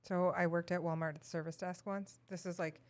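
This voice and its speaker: A woman's voice: on the low side, little pitch movement, brisk, darkish tone. A woman co-hosting a casual podcast, easygoing and teasing as she tells a story. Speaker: podcast co-host.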